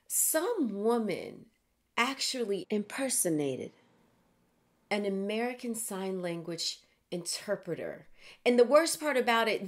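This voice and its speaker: A middle-aged woman hosts a news show in a loose, chatty way. She drifts into animated asides and laughs at herself between stories. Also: mid-range voice. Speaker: host. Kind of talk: casual news commentary.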